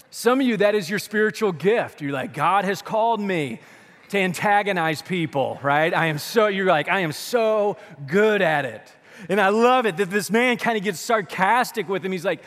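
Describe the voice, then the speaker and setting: A high-pitched man preaches to a congregation, rising to loud bursts and dropping to near-hushed lines. He throws in sarcastic asides between his points. His voice rings with a long echo through a church hall. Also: lively intonation, moderate pace. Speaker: pastor. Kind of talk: sermon.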